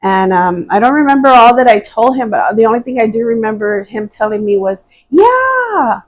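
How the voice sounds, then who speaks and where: A woman's voice: on the high side, brisk, rough recording. A woman telling her personal testimony as a podcast guest, speaking hesitantly and earnestly, with frequent fillers and restarts.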